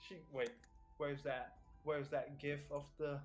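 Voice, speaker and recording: Relaxed male game master, swearing and joking, slow and slightly high. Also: faint music behind. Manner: loose, swearing, narrates between jokes. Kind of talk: running a tabletop game.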